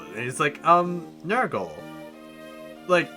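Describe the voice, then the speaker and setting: A man's voice: fairly high pitch, slow, long pauses. A man streaming a video game, chatting casually and laughing, with game music underneath. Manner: animated, laughing, chatty reactions. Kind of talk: casual gameplay commentary.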